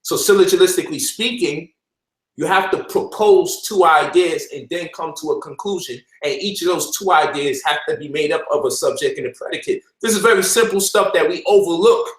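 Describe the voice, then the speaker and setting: A man hosting a casual livestream, lecturing and mocking by turns in an animated way. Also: a little high, fairly quick, reverberant, poor audio. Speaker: host.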